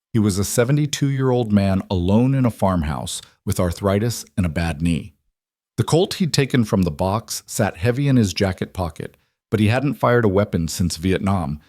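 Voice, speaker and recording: A man narrating a suspense story in a measured, scripted way. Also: low-pitched, darkish tone, dry recording, studio quality.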